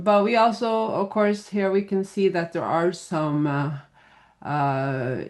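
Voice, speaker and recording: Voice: mid-range voice, a little mellow. Patient grammar teacher. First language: Norwegian. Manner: patient and plain, spells out letters, many "uh" fillers. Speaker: Norwegian language teacher. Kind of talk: explaining a grammar lesson.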